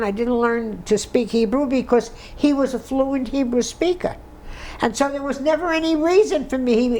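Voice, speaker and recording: A woman's voice: a little high, darkish tone, low-quality recording. A woman in her nineties giving an oral history interview, emotional and tearful, reminiscing with restarts. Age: 90s. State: crying.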